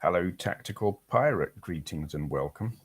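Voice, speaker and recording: An English man with a very low voice talks loosely on a live stream. He rambles, answers viewer comments and drifts between topics in a relaxed, chatty way. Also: normal speed, slightly rough. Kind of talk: casual live-stream chat.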